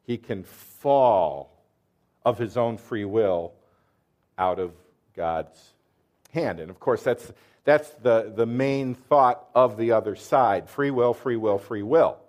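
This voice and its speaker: A man with a darkish, medium-pitched voice preaches slowly. He explains verses earnestly and puts quiz questions to his audience.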